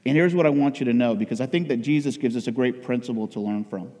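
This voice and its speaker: A man preaching a sermon as pastor, swinging between loud emotional outcries and hushed intensity. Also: mid-range voice, fast, long reverb tail.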